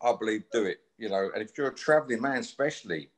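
A man's voice: fairly low pitch, animated, fast. A man talks bluntly as a guest in a casual chat. He swears freely and keeps a challenging, confrontational edge throughout. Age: 50s.

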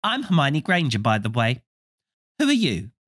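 A man reading aloud voices a bossy, fast-talking know-it-all schoolgirl in a storybook. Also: very high-pitched, sing-song, a bit bright, pitched above the performer's own voice, exaggerated voice. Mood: bossy eager. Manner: rapid and bossy.

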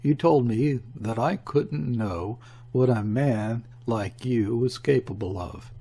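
Man voicing a solemn, earnest, credulous sea captain for a storybook, husky voice. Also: mid-range voice, slow, mellow.

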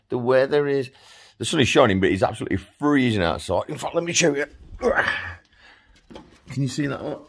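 A man's voice: medium pitch, lively intonation, fairly quick, long pauses. A middle-aged man, giving a rambling, chatty home video update with lots of ums and restarts, filmed on a phone at home. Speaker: vlogger. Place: at home, lounging indoors.

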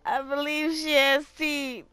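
A woman's voice: sits high, level tone, takes it slowly, pushed and bright, faint music behind. A woman giving casual commentary while playing a life-sim game, chatting freely, swearing often and talking to her characters. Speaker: gaming channel host.

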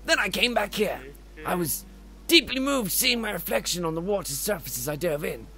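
A man's voice: high voice, animated, normal speed, creaky, sharp tone, voice pushed up, exaggerated voice. A man voicing a flamboyant male fish-man obsessed with diving, with a put-on Scottish accent and a grandiose, exclamatory manner. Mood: eager. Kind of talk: reading game dialogue aloud.

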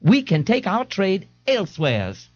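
A flustered old working-class mother, her voice pitched far up and drawn out slowly. She talks in a folksy, ungrammatical drawl. The tape sounds dry and dull. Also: huge pitch swings, darkish tone, no echo, soft background music, heavily acted. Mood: huffy.

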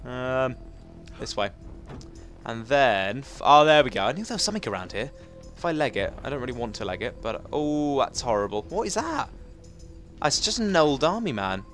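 A man giving chatty, excitable let's play commentary, talking to himself as he plays. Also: medium pitch, moderate pace, soft background music. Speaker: gaming commentator.

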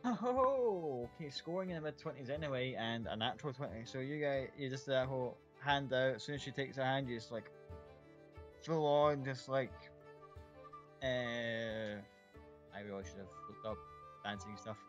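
A man's voice: medium pitch, lively intonation, normal speed. A man narrating as game master in a casual, rambling way, laughing easily, in a muffled lo-fi recording with faint music behind. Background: faint background music.

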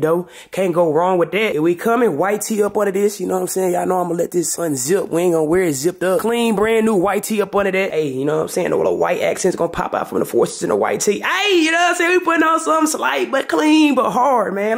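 A young man chats to his viewers at home in a relaxed, slangy way, his voice sitting high for a man. The room around him rings with a noticeable echo. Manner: laid-back slang, lots of "you know what I'm saying". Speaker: vlogger. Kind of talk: casual vlog talk to camera. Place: home, indoors. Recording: echoey room.

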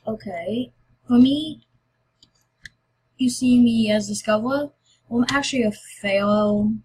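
A woman's voice: on the high side, slow, darkish tone, slightly rough, rough recording. A woman YouTuber chatting casually and rambling through a game giveaway video. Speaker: Minecraft YouTuber.

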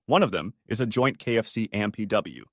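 A man reading online stories aloud as scripted narration, in a lively, animated way. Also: lowish voice, brisk, dry recording, studio quality. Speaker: story narrator.

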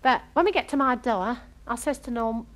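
A woman's voice: a little high, moderate pace, lightly acted. An actress playing a chatty, starry-eyed young working-class girl in a comic monologue, gossiping with homely, ungrammatical speech. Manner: lively, breathless gossiping storyteller.

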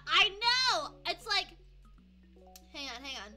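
Very high, bright bubbly streamer woman. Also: lively intonation, measured pace. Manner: bubbly, greets viewers with pet names. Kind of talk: casual live-stream chat. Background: faint background music.

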